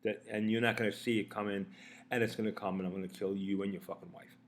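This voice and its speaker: A man playing a male mob friend who calmly explains that he has to kill his buddy, in blunt, profane talk. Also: fast talker, slight background noise, lightly acted. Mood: grimly resolved. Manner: profane, blunt, low-key threatening. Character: menacing male mob friend, regretful but resolved.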